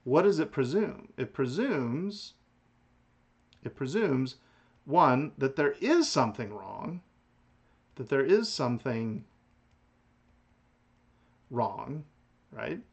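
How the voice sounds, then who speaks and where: A man teaching a philosophy class in a recorded lecture, talking in a lively way with restarts and chuckles. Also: mid-range voice, slow, gravelly, long pauses, slightly rough. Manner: animated, lively delivery with frequent restarts and chuckles. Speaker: philosophy instructor.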